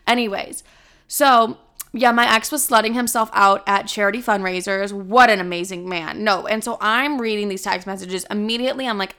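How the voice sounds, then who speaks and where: A young woman talks straight to her own camera in a loose, chatty storytime vlog. Her voice is smooth and clear, sitting at an ordinary middle pitch. She swears freely and leans on "like" as she rattles through the tale. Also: normal speed. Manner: profane, animated retelling with lots of "like". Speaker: vlogger.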